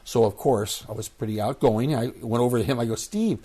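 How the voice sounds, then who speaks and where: A man in his sixties telling stories as an interview guest, animated and acting out the voices of people he quotes. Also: medium pitch, quick pace, slightly rough. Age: 60s. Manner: animated storyteller who acts out quoted voices. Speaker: guest, former baseball player. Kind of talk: casual storytelling interview.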